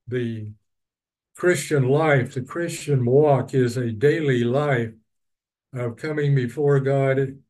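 A man's voice: medium pitch, takes it slowly, a little mellow, rough recording. A man teaching a Bible study, reading verses and then explaining them at length with personal asides. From East Texas.

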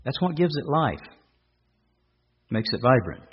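A man's voice: medium pitch, big pitch swings, measured pace, breathy edge, dull audio. A man preaching a sermon, asking rhetorical questions and repeating his points for emphasis.

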